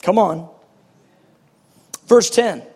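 A man preaching a passionate, animated sermon, reading scripture and acting out its scenes. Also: high voice, husky, long reverb tail. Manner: passionate, animated, quick bursts.

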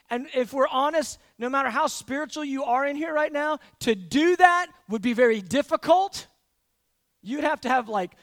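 High-voiced gravelly preacher man. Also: no echo. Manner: animated, acts out everyday scenes with frequent restarts. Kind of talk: conversational sermon.

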